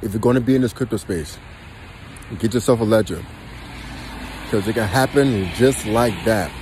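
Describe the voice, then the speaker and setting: A man's voice: on the low side, moderate pace, darkish tone, a little hiss or hum, poor audio. A man ranting as a vlogger, swearing constantly, repeating himself and laughing between lines. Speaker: astrology and crypto vlogger. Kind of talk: excited profane rant.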